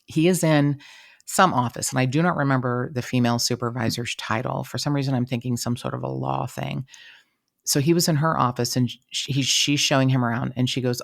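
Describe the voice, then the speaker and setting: A podcast host telling a crime anecdote in a casual, lively and profane way. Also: medium pitch, brisk, vocal fry. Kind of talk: casual storytelling.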